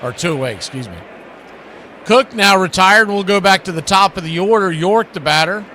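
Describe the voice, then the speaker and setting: A man, calling baseball play-by-play on the radio as host in a folksy, chatty way with asides between pitches. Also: expressive, moderate pace, pushed and bright, a little hiss or hum.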